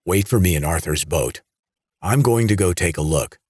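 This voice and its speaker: A man doing a wounded, steady police chief. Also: low-pitched, moderate pace, breathy edge, no echo, clean studio sound. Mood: strained reassuring. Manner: steady, reassuring through pain.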